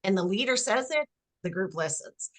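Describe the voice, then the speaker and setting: Woman guest expert, mid pitch, animated podcast talker. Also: moderate pace. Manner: animated, acts out example phrases. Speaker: guest expert on workplace culture. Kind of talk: conversational podcast interview.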